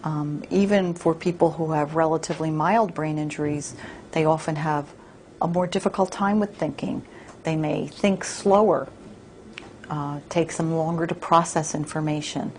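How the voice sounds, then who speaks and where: A woman expert explaining in a measured way, with some fillers, in an interview. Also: deep voice, fairly even intonation, a little mellow, slight background noise. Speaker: brain injury expert.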